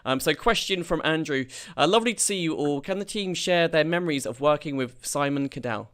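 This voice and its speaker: Higher smooth-voiced guy reading out donor questions, bit halting. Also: a bit bright. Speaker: host reading viewer questions. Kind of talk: live-stream moderating.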